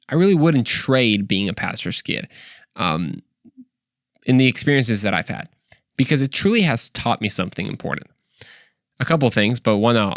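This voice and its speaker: A man's voice: medium pitch, a bit bright, no echo, clean studio sound. A man hosting a faith podcast, talking earnestly and conversationally to the listener, often saying "man" and "bro". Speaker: podcast host. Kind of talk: casual faith podcast monologue.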